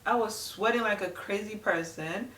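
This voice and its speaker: A woman's voice: medium pitch, moderate pace, fairly bright tone, recorded from a distance. Chatty woman vlogging in an echoey room. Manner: chatty, rambling, lots of "like". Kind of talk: casual chat to camera. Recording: echoey room, voice a bit off-mic.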